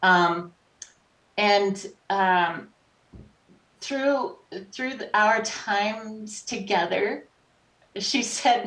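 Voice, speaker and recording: A woman's voice: mid-range voice, very slow, long pauses. Storytelling woman, roomy and distant. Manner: animated, acts out quoted voices. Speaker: podcast guest, life coach. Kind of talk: conversational storytelling. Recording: roomy echo, distant from mic.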